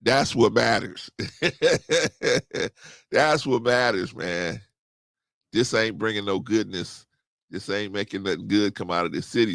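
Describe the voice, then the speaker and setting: Speaking slowly with vocal fry and a somewhat bright tone, this man hosts a casual, comic run through scripture, joking, laughing often, and breaking into preachy bursts marked by sudden pitch jumps. The recording is dry and studio quality.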